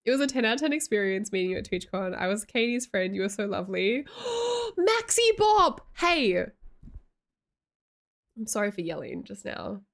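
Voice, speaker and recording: A woman's voice: medium pitch, fast talker, vocal fry, few pauses. A woman chatting casually on a livestream, reading chat aloud and telling stories with lots of giggles.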